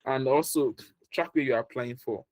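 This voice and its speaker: A man's voice: medium pitch, normal speed, a little mellow, no room sound. A man giving a motivational career talk, repeating his points, laughing often and acting out the people he quotes. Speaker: career workshop speaker.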